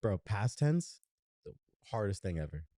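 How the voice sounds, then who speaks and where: A young podcast co-host speaks a little slowly in a lowish, dark voice, yet he's very animated. His casual chat rambles along with lots of fillers and restarts. The studio sound is clean, without echo.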